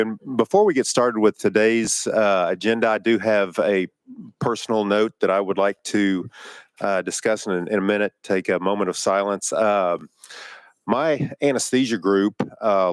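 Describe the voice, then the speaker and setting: A man with a fairly low voice chairs a legislative hearing, calling bills and votes in a plain, procedural manner. He fills pauses with "uh" and "um." The sound is dry and close on a desk microphone. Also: steady tone, clear, resonant tone, no echo. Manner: procedural, plain-spoken with frequent fillers. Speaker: committee chairman.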